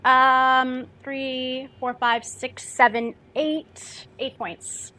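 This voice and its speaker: A woman's voice: sits high, little pitch movement, pushed and bright. A woman playing a tabletop game, talking hesitantly and working through her numbers aloud. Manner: slow, hesitant, counting aloud. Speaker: player. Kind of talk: casual game chat.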